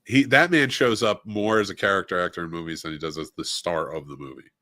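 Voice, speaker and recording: Deep-voiced man co-hosting a podcast. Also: quick pace, pushed and bright, no room sound, clean studio sound. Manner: enthusiastic, listy, many "uh" fillers. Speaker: podcast co-host. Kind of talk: casual film chat.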